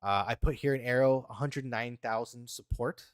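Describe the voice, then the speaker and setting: A man co-hosting a podcast, casually walking through market charts in a halting, laid-back way. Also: medium pitch, dry recording, studio quality. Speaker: podcast co-host, market analyst.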